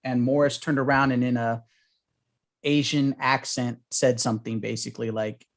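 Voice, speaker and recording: A man's voice: medium pitch, fairly even intonation, moderate pace. A man hosting a casual sports podcast, leading topics in a loose, profane way. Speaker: podcast host.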